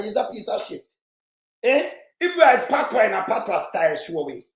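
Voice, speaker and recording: A man with a Jamaican accent ranting in heated, crude, repetitive online commentary, shouting at times. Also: sits high, sing-song, normal speed. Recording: roomy echo.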